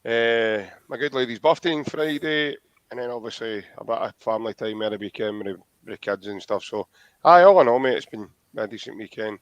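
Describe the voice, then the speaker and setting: A man's voice: mid-range voice, a little fast, no room sound. A man with a Scottish accent, hosting a casual football podcast in a chatty, friendly way and laughing easily. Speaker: podcast host. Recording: dull lo-fi dry audio.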